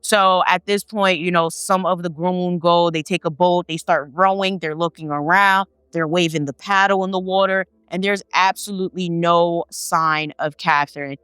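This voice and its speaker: A woman telling a family story in casual talk, swearing and acting out her relatives' lines with animated energy. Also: on the low side, moderate pace, hardly any pauses, smooth, no room sound. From Haitian family.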